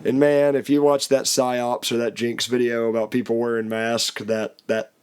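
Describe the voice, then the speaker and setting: A man's voice: medium pitch, little pitch movement, normal speed, darkish tone, clear, resonant tone. Laughing casual male podcast host. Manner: loose, laughing, mock-voices quotes. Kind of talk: casual political chat.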